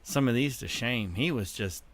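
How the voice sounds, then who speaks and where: A man's voice: mid-range voice, moderate pace, fairly bright tone. A man hosting a podcast, bantering and joking in casual chat. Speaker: podcast host.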